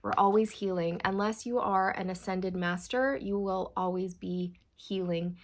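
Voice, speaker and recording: A woman's voice: mid-range voice, steady tone, measured pace. A woman giving a channeled tarot reading, talking to viewers in a meandering, reassuring way and often calling them "you guys.". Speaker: tarot reader.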